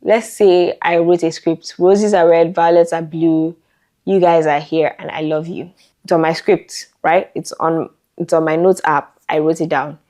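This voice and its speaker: A woman's voice: low-pitched, steady tone, a little slow, dark tone. A young woman vlogging casual advice on making content, chatty and laughing easily as she talks. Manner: chatty, laughs often, repeats lines. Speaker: content creator. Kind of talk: casual talking-head vlog advice.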